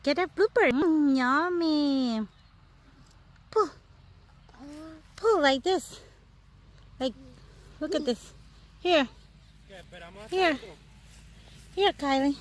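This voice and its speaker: A mother vlogging outdoors at a farm, talking slowly to her toddler in coaxing baby talk and making animal sounds. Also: high-pitched, expressive. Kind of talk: casual vlog narration while talking to a toddler. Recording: noisy outdoor camera audio. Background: outdoor noise and animals.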